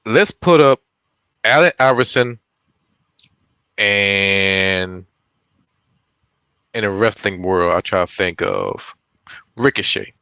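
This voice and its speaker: A man's voice: fairly low pitch, very animated, takes it slowly, long pauses, sharp tone, smooth, no room sound. A man on a podcast in casual chat, explaining his points with step-by-step comparisons. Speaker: podcast co-host.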